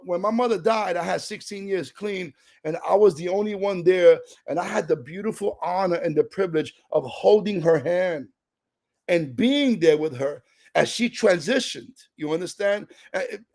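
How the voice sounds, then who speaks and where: A man's voice: high-pitched, normal speed, creaky, a little mellow. A middle-aged man, from a Puerto Rican family, telling his recovery story in a streetwise, emotional, casual way. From New York, Puerto Rican family. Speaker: recovery speaker. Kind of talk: personal recovery talk.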